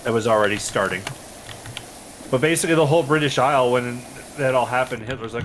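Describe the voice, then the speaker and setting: A man's voice: mid-range voice, fast, fairly bright tone, a little hiss or hum, low-quality recording. A man chatting casually while gaming on a stream. He is rambling and opinionated, and he swears freely. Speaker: streamer co-host.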